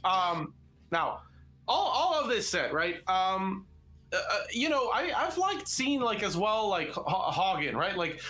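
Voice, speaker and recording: A man's voice: sits high, sing-song, unhurried, bright, forceful tone. A young man co-hosting a live stream, chatting casually and rambling with many fillers and restarts. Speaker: co-host of a live interactive show.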